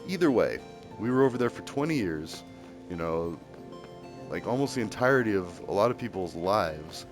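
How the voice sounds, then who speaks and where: Rambling, heated low-voiced man. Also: sing-song, normal speed. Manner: rambling, heated, full of fillers and restarts. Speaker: streamer. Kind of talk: casual rambling opinion rant. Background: music.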